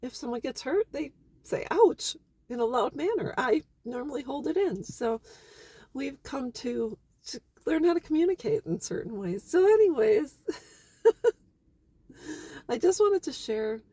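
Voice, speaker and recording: A middle-aged woman talks to camera in a personal vlog, open and heartfelt. Her voice is husky and soft-edged, warm rather than bright, sitting a little high for a woman. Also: expressive, measured pace, no room sound. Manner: candid, emotional and heartfelt. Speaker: vlogger.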